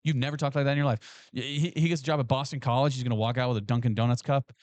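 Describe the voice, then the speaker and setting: A man co-hosting a sports podcast in casual, excitable talk with emphatic restarts. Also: medium pitch, very fast, no room sound.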